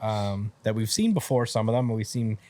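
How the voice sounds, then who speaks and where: A man's voice: on the low side, expressive, moderate pace, warm tone. A man co-hosting a podcast, casually recapping a manga chapter in a rambling, filler-heavy way. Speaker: podcast co-host.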